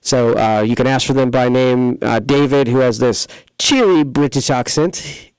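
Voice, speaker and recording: A man talks in a relaxed, rambling way, pitching his repair shop and drifting into everyday stories. His voice is smooth and clear at a middle pitch. The studio sound is dry and close. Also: moderate pace, no room sound, low-quality recording. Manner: rambling, filler-heavy, folksy sales talk. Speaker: computer repair shop host. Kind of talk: casual local radio-style talk show.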